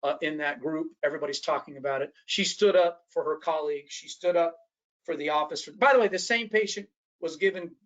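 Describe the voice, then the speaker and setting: A man's voice: a little high, brisk, highs cut off. A man presenting a training workshop in a lecture style. He talks animatedly, often restarts his sentences and acts out the voices of the people he quotes.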